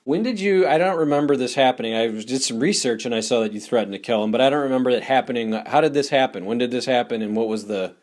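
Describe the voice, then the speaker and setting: A man's voice: medium pitch, fast, few pauses, darkish tone. Male interviewer, mid-range voice, conversational and probing. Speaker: interviewer, channel host. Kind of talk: casual interview.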